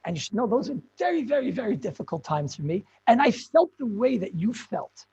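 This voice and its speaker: A man, a rabbi, telling a story in an animated, self-mocking way, with frequent laughs and Hebrew and Yiddish learning terms mixed in. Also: high voice, brisk, breathy edge. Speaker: rabbi giving a chizuk talk. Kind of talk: storytelling sermon. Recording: dull lo-fi recording.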